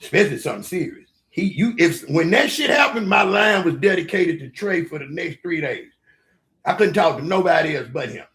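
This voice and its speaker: A man telling stories in a loud, excitable podcast chat, acting out other people's lines. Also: on the high side, fairly quick. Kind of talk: animated storytelling chat.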